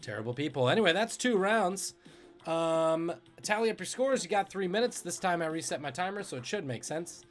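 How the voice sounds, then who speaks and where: A man hosting a live-streamed trivia game over a video call, jokey and animated, moving between loud announcements and muttered asides. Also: high voice, fairly quick, soft background music. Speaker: trivia host.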